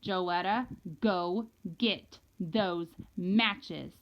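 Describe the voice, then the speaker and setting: A woman voicing a furious, stern mother who speaks slowly in a cold, hissing tone. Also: medium pitch, expressive, close to an everyday voice. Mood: menacing. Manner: slow, hissing, menacing. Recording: dull lo-fi recording.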